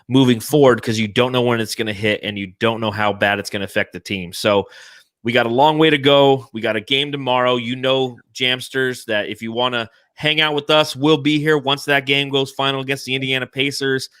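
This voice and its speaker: A man co-hosts a live post-game sports podcast from home, talking in a chatty, joking way and laughing often. His voice is bright and forceful at a middle pitch. The sound is dry and close to the mic. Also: fairly even intonation, brisk, dry recording. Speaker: podcast co-host. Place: home setup, live stream.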